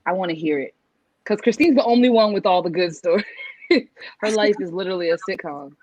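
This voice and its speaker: A woman's voice: on the low side, a little fast, darkish tone, no room sound, rough recording. A young woman co-hosting a podcast, laughing readily and speaking directly to the listeners. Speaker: podcast co-host. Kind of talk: casual chat.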